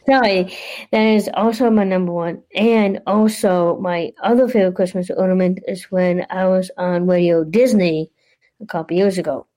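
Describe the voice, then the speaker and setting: A woman's voice: fairly low pitch, fairly even intonation, normal speed, mellow, poor audio. A woman co-hosting a casual podcast, answering questions hesitantly with plenty of fillers. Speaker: podcast co-host.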